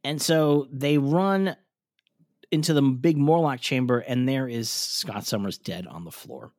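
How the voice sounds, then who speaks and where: A man's voice: medium pitch, lively intonation, measured pace, a little mellow, no echo, studio quality. A man co-hosting a podcast, recapping a cartoon episode in loose casual chat, rambling with fillers and restarts and swearing now and then. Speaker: podcast co-host.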